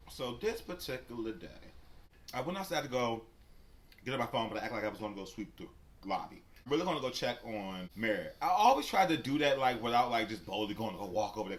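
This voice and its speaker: A man vlogger telling a story casually while he eats, animated and profane, and talking straight to his viewers. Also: on the low side. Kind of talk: casual storytelling during a mukbang.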